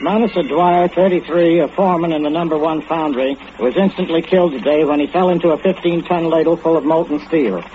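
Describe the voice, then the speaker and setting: An actor playing a radio news announcer with a crisp, rapid newsreader delivery, in 1940s radio acting. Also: male voice, fairly high pitch, lightly acted. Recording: tinny phone-like radio sound with faint hiss.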